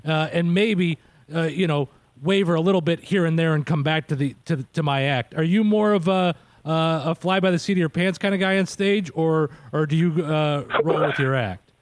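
A man with a somewhat high voice, recorded close and completely dry. He hosts a casual chat with a fellow comedian, talking freely and asking eager questions. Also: normal speed, no echo. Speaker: host and comedian.

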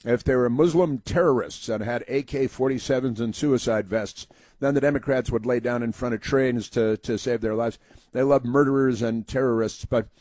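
A man's voice: medium pitch, a little mellow, dry recording. A man hosting a political talk monologue, sarcastic and rambling, with many fillers and restarts. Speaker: political commentary host.

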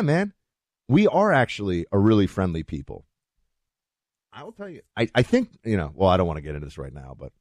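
A man's voice: low-pitched, no room sound, clean studio sound. A man hosting a talk show, chatting in a rambling, casual way with many restarts and fillers.

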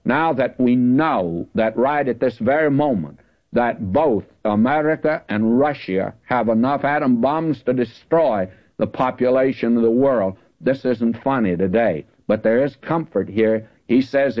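A man teaching the Bible in a folksy, conversational sermon, slowing down to stress the verses he reads. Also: medium pitch. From Southern California. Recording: dull lo-fi radio broadcast.

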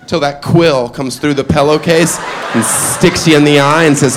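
A man doing a stand-up comedy set, mostly deadpan one-liners broken by sudden loud shouted character voices. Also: fairly high pitch, normal speed, music in the background. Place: comedy club stage before a live audience. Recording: live club recording with loud crowd.

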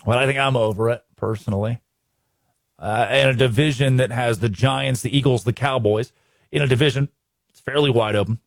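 A man's voice: mid-range voice, steady tone, a little fast, gravelly, no echo, studio quality. A man from Arkansas hosting a sports talk show, ranting emphatically and restarting his sentences. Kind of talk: animated sports commentary.

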